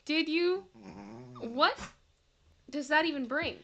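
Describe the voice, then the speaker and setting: A woman's voice: sits high, slow pace, pushed and bright, lo-fi sound. A woman with a Canadian accent hosting a livestream, casually chatting, giggling and reading viewer comments aloud. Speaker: livestream host. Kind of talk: casual live-chat reading.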